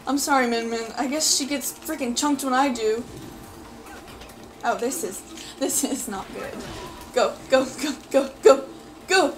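A woman giving live gameplay commentary, excitable and loudly pleading and cheering at the game as she plays. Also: sits high, normal speed, slight background noise. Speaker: gaming video creator.

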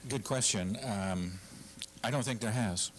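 A middle-aged man delivers a passionate speech to a civic audience, pressing his points with repetition and false starts. His voice sits low, and a faint hiss lies under the recording. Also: unhurried, rough recording. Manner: passionate, emphatic, repeats himself. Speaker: guest speaker. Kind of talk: public speech at a civic forum. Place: lecture hall with audience.

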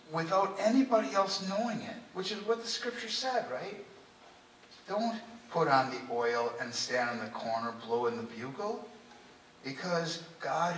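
Impassioned preacher, bright voice, echoing church. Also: male voice, high voice, far from the mic, a little hiss or hum. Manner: impassioned, heartfelt, often drops to a hushed earnest tone. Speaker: priest. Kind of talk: sermon. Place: church sanctuary. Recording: echoey church recorded from afar.

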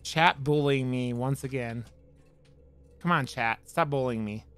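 A man's voice: mid-range voice, unhurried, fairly bright tone, clear, resonant tone, faint music behind. A man streaming a horror game, joking with his chat and swearing as he plays. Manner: profane, joking, talks back to chat. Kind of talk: casual let's-play commentary.

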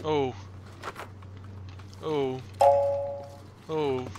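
A young man chatting and yelling excitedly while gaming with friends in voice chat. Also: mid-range voice, drawn-out words. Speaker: gamer in voice chat. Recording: noisy voice chat mic.

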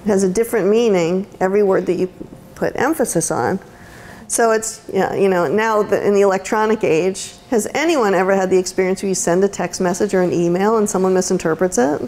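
A woman's voice: medium pitch, brisk, a little mellow, slight background noise. A woman giving a conversational lecture as an autism educator, with frequent ums and restarts. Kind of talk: university lecture talk. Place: lecture room.

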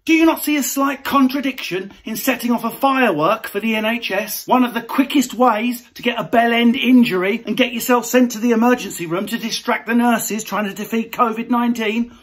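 A man's voice: very high voice, brisk, few pauses. A man, a comedian, delivering a brash, sweary, mocking comic rant.

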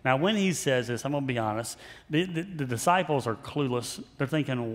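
A man's voice: mid-range voice, animated, fairly quick, in a large hall. A male pastor preaching a sermon in a conversational style with self-deprecating humor.

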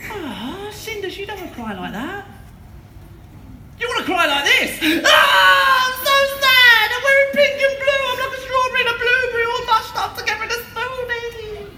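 A woman's voice: very high-pitched, sing-song, measured pace, long pauses, bright, forceful tone, distant mic, a little hiss or hum, full character voice. A woman playing a goofy, lovestruck young male servant in a live pantomime, clowning and over the top. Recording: echoey hall from afar, music. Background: music.

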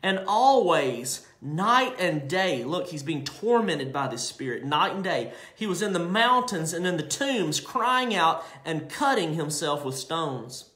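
A man preaching in a high voice, reading scripture with slow emphasis and breaking off to explain it. The sound carries in an echoey room. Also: big pitch swings, bright, forceful tone. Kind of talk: sermon.

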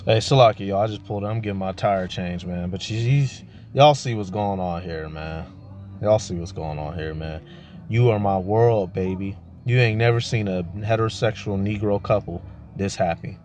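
A man's voice: fairly low pitch, moderate pace, a little mellow. A man preaching a heated, profane rant full of rhetorical questions. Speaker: street preacher vlogger. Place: at a tire shop, near a vehicle.

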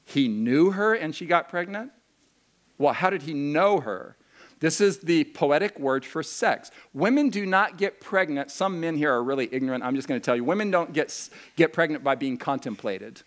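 Male pastor for a youth camp sermon. Fairly high voice with wide swings, animated and playful. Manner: animated, swings between slow solemn reading and quick joking asides.

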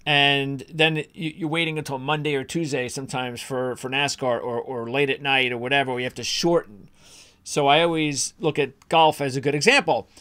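A man's voice: medium pitch, steady tone, normal speed, sharp tone, clean tone. A man co-hosting a golf betting podcast, opinionated and rambling, with frequent restarts and fillers. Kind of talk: casual sports chat.

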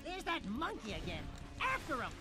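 Squeaky wisecracking critter sidekick. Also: male voice, huge pitch swings, moderate pace, full character voice. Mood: alarmed. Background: game music.

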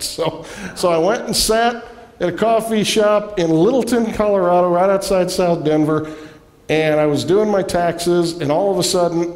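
A man preaching as a guest in a church, telling a personal story with animated delivery and acted-out voices. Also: a little high. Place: church sanctuary. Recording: echoey church hall.

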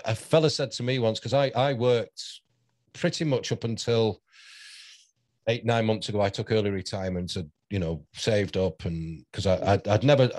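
A man's voice: lowish voice, a little mellow, dry recording. A man around sixty, hosting an interview and rambling through anecdotes with frequent laughter. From St Helens, near Liverpool, England. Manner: rambling anecdotal storyteller who laughs often. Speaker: host. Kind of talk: casual interview chat.

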